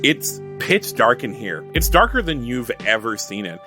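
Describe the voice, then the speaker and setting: A man's voice: medium pitch, very animated, moderate pace, over music. A man narrating a tabletop role-play game as game master, chatty and joking with asides to the audience. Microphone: headset-style desk mic.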